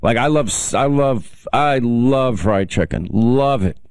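A man's voice: medium pitch, expressive, measured pace, no room sound. Man, radio call-in host, chatty, teasing, dry studio sound. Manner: chatty, reminiscing, teasing callers. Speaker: radio talk show host. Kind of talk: casual call-in chat.

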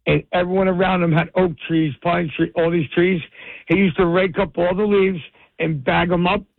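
A man's voice: high-pitched, flat delivery, normal speed, vocal fry, dry recording. A male caller, eagerly telling his story. He comes through a tinny phone line with a dry sound.

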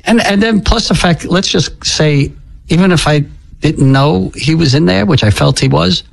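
An older American man telling a painful family story in an interview, halting and repeating words, his voice climbing when moved. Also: a little high, vocal fry, poor audio. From United States. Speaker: interview guest.

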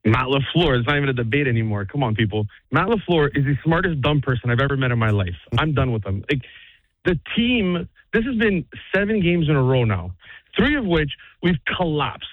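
A man's voice: mid-range voice, expressive, a little fast, no room sound. A man calling in to a sports radio show, ranting in an exasperated, sarcastic way over a phone line. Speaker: caller. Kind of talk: sports radio call-in rant. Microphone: telephone.

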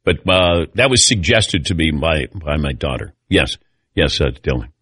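A man's voice: a bass voice, normal speed, husky, no room sound, studio quality. A middle-aged man hosting a sports talk radio show, telling stories with animation and calling on his panelists. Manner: animated storyteller, calls on panelists.

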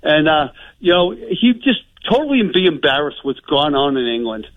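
A man's voice: a little high, very animated, moderate pace, no echo. A man calling a radio show, telling a story with indignation. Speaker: caller. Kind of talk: phone-in call. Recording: tinny phone line.

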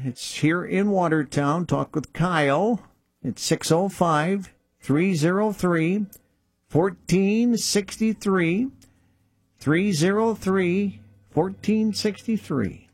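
A man hosting a radio buy-and-sell call-in show, reading listings plainly and repeating phone numbers slowly. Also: high voice, no room sound, clean studio sound.

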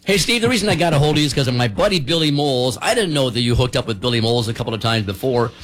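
Fast-talking chatty radio host man. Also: mid-range voice, animated, a bit bright. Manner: chatty, jokey, storytelling. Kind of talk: casual radio talk. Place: radio studio.

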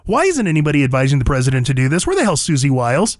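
A man's voice: fairly high pitch, huge pitch swings, racing, no echo, clean studio sound. A man hosting a talk radio show, delivering an emphatic, fired-up opinion monologue and repeating phrases for punch.

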